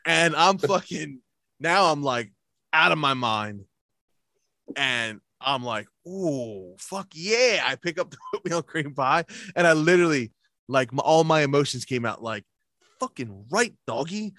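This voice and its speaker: A man's voice: a little high, normal speed, bright, forceful tone, dry recording. Man, casual crude storyteller, dry close sound, swears constantly. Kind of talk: casual chat.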